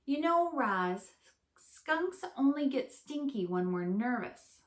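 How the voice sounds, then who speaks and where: A woman voicing a friendly, chatty female skunk with an eager, squeaky way of talking. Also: big pitch swings, takes it slowly, full character voice. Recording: roomy echo.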